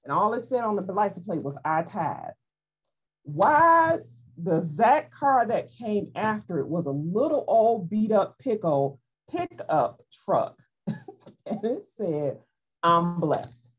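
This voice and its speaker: A woman teaching from the Bible in a loose, conversational way. Her pitch swings widely as she makes her points, and her voice has a slight husk to it. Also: takes it slowly, husky. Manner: animated, playful, acts out voices in quotes. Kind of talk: informal Bible study teaching.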